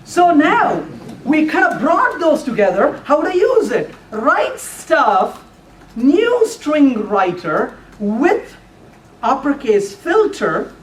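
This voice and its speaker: Brief: middle-aged male conference speaker, lively and joking, distant mic in a reverberant room with faint background noise. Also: extremely high pitch, takes it slowly. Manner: playful, teasing the audience with questions. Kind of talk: live technical talk. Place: meeting room before an audience.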